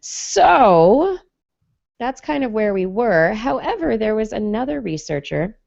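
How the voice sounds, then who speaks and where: A woman's voice: a little high, big pitch swings, a little slow, gravelly, a little mellow, no echo, muffled recording. A woman hosting a science podcast, chatty and jokey, reading news stories with playful asides. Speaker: podcast host. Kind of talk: casual science podcast chat.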